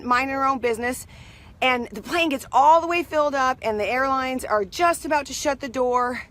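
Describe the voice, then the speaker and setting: Give me a chatty woman with a fairly high voice telling a rambling story on a live stream. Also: fairly bright tone. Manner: rambling, chatty, greets viewers mid-story. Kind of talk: casual storytelling on a live video.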